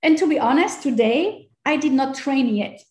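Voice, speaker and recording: French-accented woman guest, fairly high voice, lively and laughing, roomy echo. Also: moderate pace. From Corsica, France. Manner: animated, laughs often, acts out quotes. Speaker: fitness coach, guest. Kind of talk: casual interview chat.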